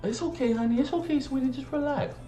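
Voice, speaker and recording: A soft-spoken, comforting female nurse, as a man puts her on in a high, lifted voice. She speaks with a sweet, calming lilt. The sound carries a roomy echo and faint music underneath. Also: quick pace, natural voice. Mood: soothing. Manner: soft, comforting, calls him honey and sweetie. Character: gentle soothing female hospital nurse.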